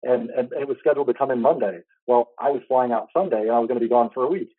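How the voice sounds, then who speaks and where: A man's voice: mid-range voice, fast, breathy edge, no room sound. A man hosting an interview, telling a personal faith story in an earnest, rambling way. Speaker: host. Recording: tinny phone-like line, dry.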